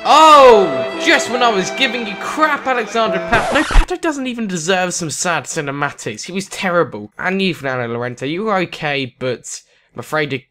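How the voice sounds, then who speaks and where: A young British man giving gameplay commentary on a football video game, excitable and sarcastic, shouting at goals. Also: a little high. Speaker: gaming commentator.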